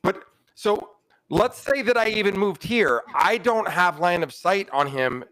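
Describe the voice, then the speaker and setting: A man's voice: sits high, expressive, unhurried, fairly bright tone, rough recording. A man playing a tabletop game, joking and bantering with the table. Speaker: player.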